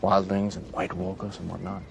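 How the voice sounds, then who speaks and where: A smug, sarcastic knight speaks English with traces of a Danish accent. His voice is low and gravelly. There is loud background noise around him. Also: level tone, normal speed. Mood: mocking.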